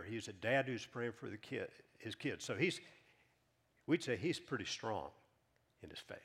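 A man preaching a sermon as pastor, emphatic, rising loud then dropping to a hush. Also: on the low side, husky. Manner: emphatic, swings from loud to hushed.

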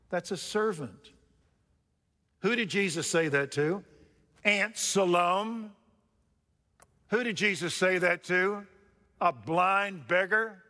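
Male pastor, emphatic sermon, rhetorical questions, slow delivery, long hall reverb. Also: high-pitched, sharp tone.

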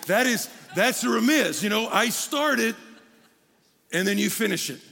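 A man preaching a sermon to a congregation, animated and joking with the crowd. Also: high-pitched, normal speed, gravelly. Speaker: pastor. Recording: long hall reverb from a large room.

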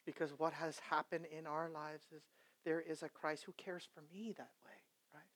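Impassioned male preacher, loud then hushed. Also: on the high side, level tone, normal speed. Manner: impassioned, swinging from loud exhortation to hushed storytelling; conversational asides to the congregation. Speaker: pastor. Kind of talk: sermon.

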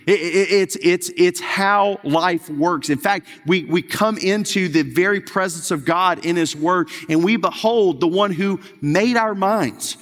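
A middle-aged male pastor preaching a sermon in an earnest, conversational way, often restarting his sentences. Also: sits high. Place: church sanctuary. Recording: long hall reverb.

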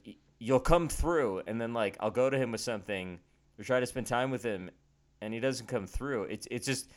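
An earnest man co-hosts a faith podcast and talks candidly, with a self-deprecating streak. His pitch sits in the middle of the range. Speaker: podcast co-host. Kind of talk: casual faith podcast chat.

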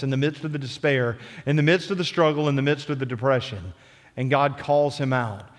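A male pastor preaching a sermon in a church, earnest and building on repeated phrases. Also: mid-range voice. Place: church sanctuary. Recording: long church reverb.

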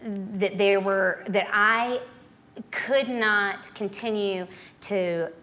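A woman giving a personal testimony as a guest speaker, telling her story in a dramatic, animated way. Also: medium pitch, drawn-out words.

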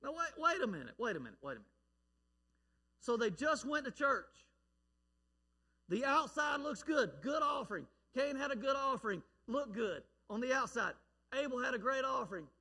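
A male pastor preaches with emphatic conviction, dropping to quiet lines and then rising to loud ones. His voice is high for a man and bright. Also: sing-song, normal speed, breathy edge, in a large hall. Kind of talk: sermon.

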